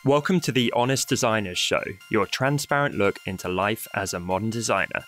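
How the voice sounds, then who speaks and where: A man's voice: on the low side, brisk, a bit bright, soft background music. A man with a British accent hosting a podcast, upbeat and playful, teasing his guests. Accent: British English. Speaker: podcast host. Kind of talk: upbeat podcast chat with jokes.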